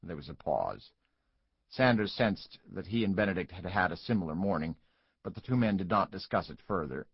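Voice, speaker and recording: A man narrating an audiobook in an expressive, measured way, close to the mic. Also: deep voice, husky, dry recording, lo-fi sound. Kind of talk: scripted narration.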